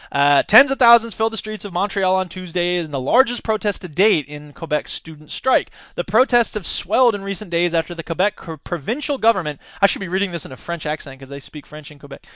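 A man with a high, bright voice hosts a talk podcast, reading news aloud and cutting in with sarcastic rants. He sounds close and dry, with no room around him. He is a teacher by day. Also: brisk, no echo. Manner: sarcastic, ranting asides between read news items. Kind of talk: opinionated news commentary podcast.

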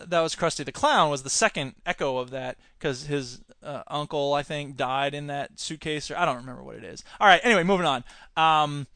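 A man's voice: on the high side, bright, forceful tone, no room sound, studio quality. An American man hosting a podcast, giving rambling, opinionated political commentary and mocking politicians by imitating them. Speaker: podcast host.

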